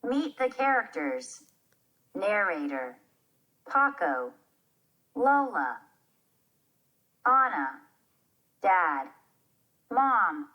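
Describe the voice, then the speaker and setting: Slow, sing-song woman reading a storybook. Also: fairly low pitch, sharp tone, rough recording. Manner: clear storybook reading, naming each part. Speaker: narrator. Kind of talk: reading a children's play aloud.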